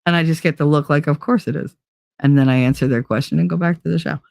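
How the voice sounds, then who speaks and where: A middle-aged woman chatting on her live stream, blunt and swearing freely as she tells animated stories. Her voice sits a little low, and the sound is close and dry with no room around it. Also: racing, vocal fry, no echo. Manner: blunt, profane, animated storytelling. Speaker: live show host. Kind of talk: casual chat on a live stream.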